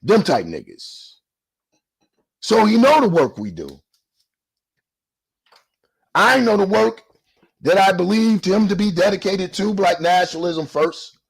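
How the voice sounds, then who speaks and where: Heated, gravelly man ranting on camera. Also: high-pitched, big pitch swings, measured pace, long pauses. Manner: heated, profane, street-preacher cadence. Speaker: YouTube commentator. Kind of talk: ranting response video.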